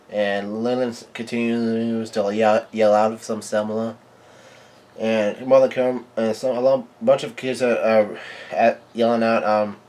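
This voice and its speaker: A man giving a live reading and reaction to a comic chapter, in a halting, stumbling way full of restarts. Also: on the low side, level tone, darkish tone. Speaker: manga reader and reactor.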